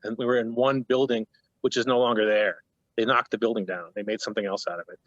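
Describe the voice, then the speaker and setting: A man's voice: fairly low pitch, steady tone, fast, dry recording, lo-fi sound. A man in his fifties, a painter on a panel, telling stories in a rambling, self-interrupting way over a video call. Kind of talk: casual panel talk.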